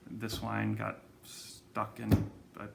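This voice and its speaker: Low gravelly man talking casually. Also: slow, noisy background. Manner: relaxed and chatty, with frequent ums and self-corrections. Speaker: wine shop host presenting monthly wine club picks. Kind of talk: casual video talk to camera.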